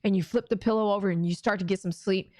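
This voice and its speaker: A middle-aged woman with a Texan accent hosts a casual prayer livestream from home. She chats loosely with her viewers and acts out her own inner voice. Her voice sits at an ordinary pitch and sounds dry and close. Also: steady tone, fast talker, a little mellow, dry recording. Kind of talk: casual live-stream talk.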